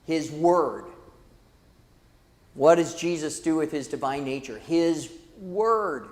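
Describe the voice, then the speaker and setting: A man teaching a church Bible class in a lively, dramatic way, calling out to the class. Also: on the high side, slow, long reverb tail. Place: church hall.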